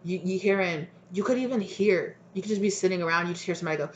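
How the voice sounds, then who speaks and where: A woman's voice: fairly low pitch, quick pace, few pauses, lo-fi sound. A woman giving a casual tarot reading, talking bluntly with lots of fillers, swearing freely and acting out people's reactions in quoted voices. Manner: rambling with many fillers. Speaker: tarot reader.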